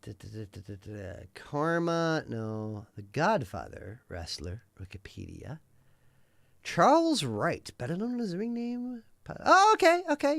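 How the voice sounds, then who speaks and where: A man in his thirties rambles through a casual live-stream chat, cursing freely and tossing in plenty of likes and uhs. His voice swings widely up and down in pitch as he talks. The sound is dry, with no room echo. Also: gravelly. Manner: rambling, animated, swears freely, many fillers.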